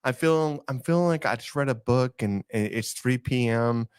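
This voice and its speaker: A man's voice: mid-range voice, moderate pace, clean tone. A man from Texas co-hosting a casual podcast, rambling and joking, often laughing. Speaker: podcast co-host. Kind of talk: casual chat.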